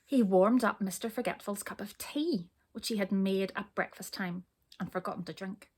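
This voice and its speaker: A woman reading a children's storybook aloud, expressive, pausing to ask her listeners questions. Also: mid-range voice, breathy edge.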